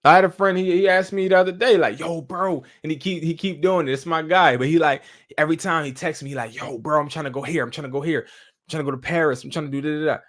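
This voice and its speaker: A man's voice: a little high, quick pace, fairly bright tone. A man hosting a live stream, chatting casually and telling stories in loose slang with profanity. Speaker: host.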